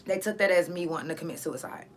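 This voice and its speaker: A woman hosting her own show talks through a personal story in a casual, unfiltered monologue. Her speech is blunt and full of swearing. She is clearly in pain and struggling not to cry. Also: lowish voice, quick pace. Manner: blunt, profane, emotional, in pain. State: in pain, near tears. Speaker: podcast host.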